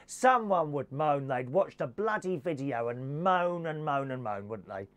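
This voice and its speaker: A man's voice: a little high, lively intonation, unhurried, few pauses. A man giving a camp, theatrical comic monologue, slipping into posh and working-class voices. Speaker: comedy presenter.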